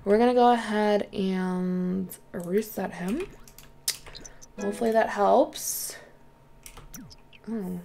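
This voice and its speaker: A woman's voice: medium pitch, slow pace, vocal fry, pauses often, mellow. A woman hosting a let's play, chatting casually through her gameplay, often exclaiming and talking to the characters on screen.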